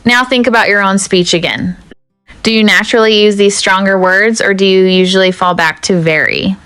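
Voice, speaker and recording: A woman teaching an English lesson in a measured, deliberate way, speaking straight to the viewer. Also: mid-range voice, steady tone, fairly bright tone, smooth, dry recording, soft background music. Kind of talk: scripted teaching narration.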